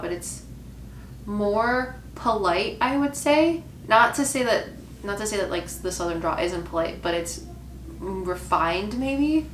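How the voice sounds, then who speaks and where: A woman's voice: fairly low pitch, a bit bright. Musing woman medium in an echoey room. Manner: musing, hesitant, many fillers. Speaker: medium reacting to a video. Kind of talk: casual reaction commentary. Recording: echoey room with faint noise.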